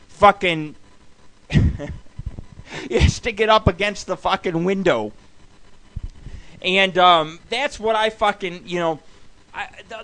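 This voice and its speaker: A man hosts his own internet radio show, rambling through a loose, profane comic monologue. His voice sits fairly high, and he keeps swerving into loud, drawn-out shouts before dropping back to a mutter. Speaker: host. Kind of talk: profane stand-up style monologue. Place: home recording for internet radio.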